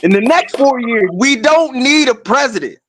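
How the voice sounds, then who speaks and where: A man co-hosting a podcast, going on loud, profane, joking rants. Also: very high voice, lively intonation, moderate pace, slight background noise. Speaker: podcast co-host. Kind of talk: casual comedic chat.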